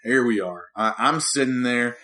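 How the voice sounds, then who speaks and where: A man in his thirties tells a family story on a casual podcast. His voice sits mid-range but swings up high when he gets excited and acts out voices, and he laughs through much of it. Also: moderate pace. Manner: animated, laughing storyteller who acts out quotes. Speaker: podcast co-host.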